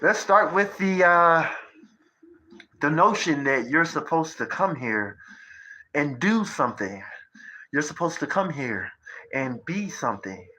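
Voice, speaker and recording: Thirties male streamer, unhurried drawl, rambling profane rants with rhetorical jabs at the audience. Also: a little high, expressive, pushed and bright, rough recording. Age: 30s. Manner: profane, lecturing, conspiratorial, asks rhetorical questions. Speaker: livestreamer. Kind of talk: rambling livestream monologue.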